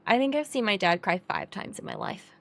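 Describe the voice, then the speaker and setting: A woman's voice: medium pitch, huge pitch swings, a little fast, creaky. A young woman co-hosting a podcast, chatting casually and laughing often as she retells family moments. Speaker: podcast co-host. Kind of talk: casual chat.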